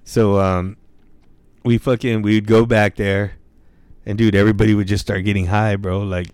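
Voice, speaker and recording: A young man with a smooth, somewhat low voice tells stories in a relaxed, slangy way, swearing freely and peppering his talk with "bro" and "dude". The sound is close and dry, with no room echo. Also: moderate pace. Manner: laid-back slang, heavy swearing, lots of "bro" and "dude". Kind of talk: casual storytelling chat.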